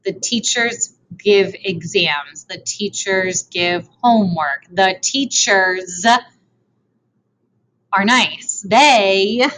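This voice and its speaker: Casual teacher lady, bright voice, takes her time, repeats every word form in two languages, little jokes. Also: medium pitch, drawn-out words, poor audio. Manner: mixes Italian and English, repeats and translates each form, playful asides. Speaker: Italian teacher. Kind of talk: recorded lesson over slides.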